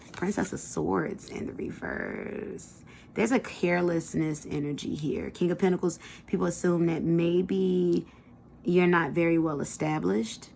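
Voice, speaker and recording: A woman's voice: fairly low pitch, creaky, mellow, a little hiss or hum. A woman giving a casual pick-a-card tarot reading, chatty and colloquial, talking straight to her viewers. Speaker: tarot reader.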